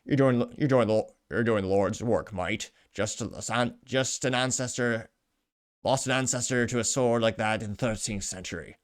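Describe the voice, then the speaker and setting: A man's voice: medium pitch, moderate pace, close to an everyday voice. A man doing a jokey mock-British bloke. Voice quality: exaggerated, self-admittedly bad accent. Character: man mimicking a jolly British commenter.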